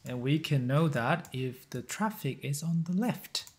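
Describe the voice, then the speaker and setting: Guy thinking out loud over a guessing game, slow and halting, kinda high voice. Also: lively intonation, husky. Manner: halting, muses aloud with short chuckles. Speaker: game video host. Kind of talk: thinking aloud while playing a map-guessing game.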